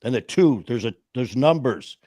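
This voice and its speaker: Telling stories in a loose, chatty way, a man in his fifties voices the characters he quotes and keeps restarting his sentences. He speaks at medium pitch and moderate pace, expressive and a little mellow, in a dry, clean studio recording.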